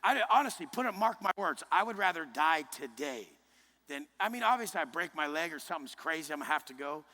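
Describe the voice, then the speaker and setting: A fairly high-voiced man with a sharp, forceful tone delivers a blunt, swear-laden motivational speech to a live group, often rising to a shout. His voice carries a long reverb from a large indoor room. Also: animated, a little fast. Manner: intense, blunt and heavily profane. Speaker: motivational speaker.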